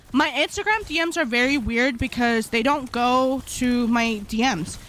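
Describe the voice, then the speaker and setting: A woman's voice: high voice, fairly bright tone. A woman streaming live, chatting casually with her viewers in a slangy, rambling way, often laughing.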